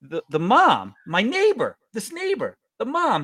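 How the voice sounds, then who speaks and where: A man in his forties from New York State tells stories in a lively voice that jumps all over its range. He sounds close and dry, with no room around him. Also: measured pace, few pauses, breathy edge, no room sound. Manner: animated storyteller, jumps up in pitch. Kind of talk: casual chat.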